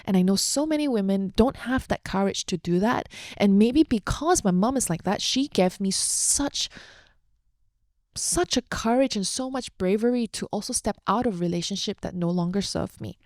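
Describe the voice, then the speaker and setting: Her voice medium-pitched and darkish, a young adult podcast host speaks animatedly at normal speed. She shares a personal story openly and warmly, chatting with fillers, and the studio recording is dry and clean.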